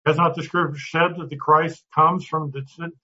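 A man's voice: on the high side, flat delivery, moderate pace, bright, forceful tone. A man teaching a Bible class in a conversational way, often restarting words and putting questions to the class. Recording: dull lo-fi recording.

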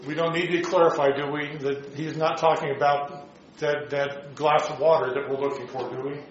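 Man leading a Bible study, voice a bit high, asks the group questions; roomy, muffled sound. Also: level tone, moderate pace, a little hiss or hum. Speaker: Bible class teacher. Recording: dull echoey room recording.

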